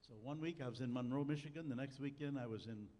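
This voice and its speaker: This older pastor is a fast talker with a warm, medium-pitched voice, weaving a personal story into his sermon with homespun, dry humor. His church sanctuary echoes with long hall reverb and faint ambience.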